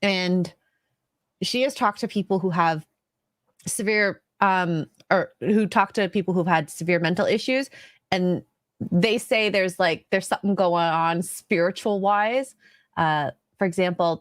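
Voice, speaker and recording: A woman from Canada co-hosts a live stream, chatty and giggly, often losing her thread mid-sentence. Her voice sits a little low for a woman. The sound is close and dry. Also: unhurried, no room sound. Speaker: podcast co-host. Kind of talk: casual live-stream chat.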